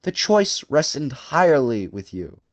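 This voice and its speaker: For an audiobook, a man plays a suave aristocratic hunter general, cruel yet genteel, with a courtly, purring, theatrical delivery that draws out each phrase with relish. His mid-range voice is very animated and lifted above his own natural pitch, captured in a dry recording.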